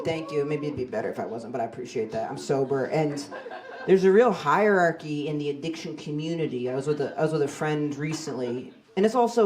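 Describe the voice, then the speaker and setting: A woman in her forties performing a stand-up set on a comedy club stage into a handheld mic, with a deadpan, self-mocking delivery. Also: low-pitched. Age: 40s. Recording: live club with loud crowd laughter. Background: audience laughing.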